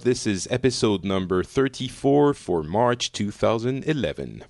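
A man's voice: on the low side, expressive, measured pace, darkish tone. A man from France, hosting a casual call-in chat show, talking in a chatty way with many fillers and restarts. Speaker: podcast host.

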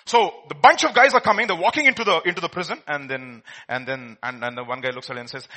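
A man preaching a sermon, telling a film story with swings from hushed to loud. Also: on the high side, fast talker, few pauses. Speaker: pastor.

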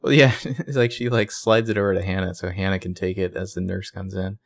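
A man's voice: deep voice, steady tone, fairly quick, gravelly, dry recording. A man co-hosting a casual TV recap podcast, chatting with dry, sarcastic asides. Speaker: podcast co-host.

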